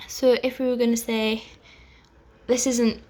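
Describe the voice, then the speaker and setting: A young woman teaching an online language lesson, patient and clear, pausing to let learners repeat after her. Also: on the high side, flat delivery, warm tone. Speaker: French teacher.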